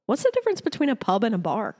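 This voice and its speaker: A woman's voice: fairly high pitch, huge pitch swings, racing, mellow. A woman co-hosting a podcast in casual chat, blunt and sarcastic, laughing often. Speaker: podcast co-host.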